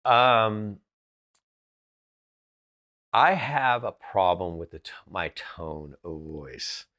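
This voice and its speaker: A man's voice: sits low, fairly even intonation, extremely slow, bright, forceful tone. A man from Southern California, a podcast guest telling candid stories in a blunt, direct way, often restarting his sentences. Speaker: podcast guest, business founder. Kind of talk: candid casual storytelling.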